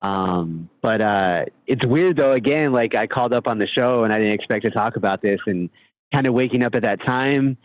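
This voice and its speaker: A man's voice: mid-range voice, moderate pace, no room sound. A man calling in to a radio show, talking hesitantly and rambling with many fillers. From United States. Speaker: caller. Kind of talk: phone-in call. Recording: dull phone line.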